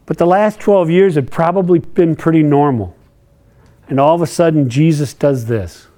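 A man's voice: on the high side, moderate pace, dark tone. A middle-aged man preaching a sermon in a conversational way, asking his listeners questions as he talks them through scripture. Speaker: pastor.

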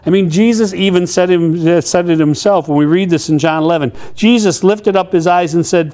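Animated male pastor preaching a sermon. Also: high voice, normal speed, hardly any pauses. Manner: animated, acts out quotes with humor.

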